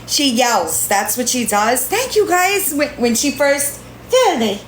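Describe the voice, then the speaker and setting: A woman hosting a casual livestream from home on her phone, switching between high sing-song baby talk to her kittens and chatty remarks to viewers. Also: very animated, takes it slowly, slight background noise. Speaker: livestream host.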